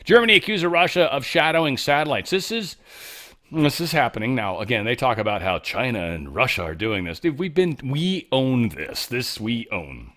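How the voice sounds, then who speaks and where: A man hosts a casual commentary show, riffing sarcastically on the news. His pitch jumps around animatedly, and he often trails off into quiet mumbled asides before getting loud again. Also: big pitch swings, brisk. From United States. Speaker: podcast host.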